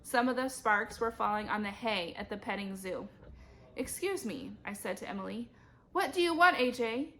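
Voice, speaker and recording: Bright-voiced woman reading a storybook. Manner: lively, shouts characters' lines in high voices. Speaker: reader. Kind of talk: reading a children's chapter book aloud.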